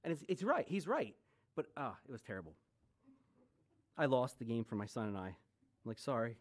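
A man's voice: mid-range voice, very animated, brisk. A man in his forties preaching a sermon as pastor, conversational, with joking asides and rhetorical questions. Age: 40s.

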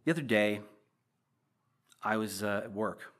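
A man's voice: on the low side, a little slow, fairly bright tone. A pastor preaching a sermon in an earnest, emotional way, repeating himself as he pleads with the congregation. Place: church.

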